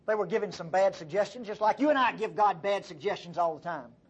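A man preaching a sermon, retelling a story in a lively, conversational way. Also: high voice, fast, slightly rough, lo-fi sound.

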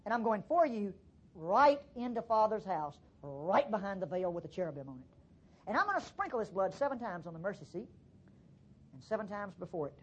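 A woman voicing a solemn, firm high priest who speaks in slow, deliberate pronouncements. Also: sing-song, breathy edge, highs cut off.

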